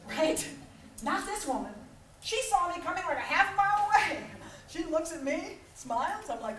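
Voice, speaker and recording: In a large, reverberant conference hall, a middle-aged woman gives a brisk motivational keynote, her high voice rising and falling as she animatedly and humorously acts out small scenes with laughter. She is picked up from a distance, with crowd noise around her.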